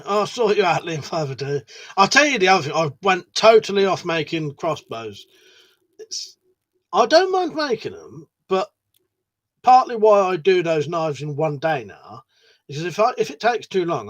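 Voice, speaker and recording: A man hosts a relaxed livestream, answering his viewers like old mates and swearing without a second thought. His voice sits a little high for a man and bounces up and down a lot as he talks. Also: moderate pace. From United Kingdom. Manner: chatty and matey, swears freely. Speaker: livestream host. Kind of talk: casual chat, reading viewer messages aloud.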